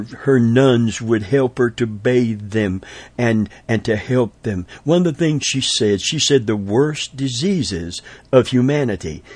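A man's voice: lowish voice, a little mellow, no room sound. A man preaching a sermon in an emphatic style, repeating phrases and building to strong emphasis. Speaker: pastor.

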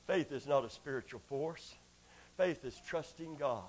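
A man preaching a sermon, swinging between shouted peaks, whoops and hushed passages. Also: a little high, unhurried, background noise.

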